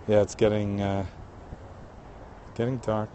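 A man's voice: lowish voice, fairly even intonation, takes it slowly, long pauses, dark tone. Middle-aged man chatting on a windy riverbank. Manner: chatty, greeting viewers one by one. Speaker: live-streaming vlogger. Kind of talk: casual live-stream chat. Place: outdoors on a riverbank at sunset. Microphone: phone held by the streamer. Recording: wind noise on a phone mic outdoors.

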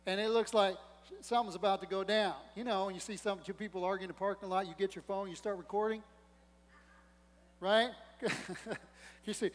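High-voiced pastor preaching, animated with jokes and acted-out quotes, long echoey church hall. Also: male voice, normal speed, pauses often. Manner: preaching with rising emphasis and humor, acting out quotes. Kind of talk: sermon. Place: church sanctuary.

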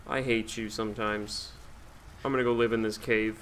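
A man's voice: lowish voice, level tone, moderate pace, a bit bright, slight background noise. A man streaming a video game, talking casually, with sarcastic, profane grumbling at the game. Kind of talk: casual let's-play commentary.

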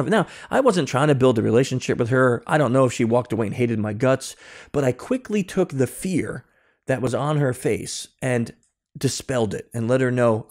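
Speaking fairly quickly in an animated, medium-pitched voice with a darkish tone, this man recounts a personal story as a podcast guest. He's a security consultant, recorded remotely, who acts out dialogue and frequently starts over.

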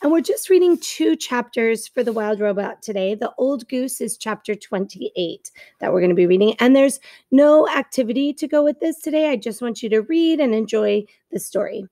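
A woman teacher reading a novel aloud to her class in clear storytelling narration. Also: on the high side, expressive, normal speed, mellow, no room sound.

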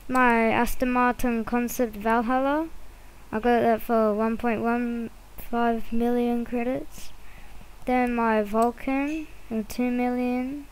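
A woman's voice: on the high side, flat delivery, slow pace, a little hiss or hum, poor audio. A woman giving casual, rambling commentary while she plays a driving game, with many fillers and restarts. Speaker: gameplay video creator.

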